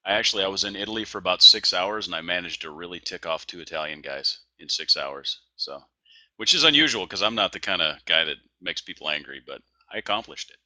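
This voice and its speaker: A man's voice: sits low, lively intonation, quick pace, sharp tone, no echo. A male co-host in casual chat, telling stories in an easygoing way. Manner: easygoing storyteller, laughs often. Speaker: podcast co-host.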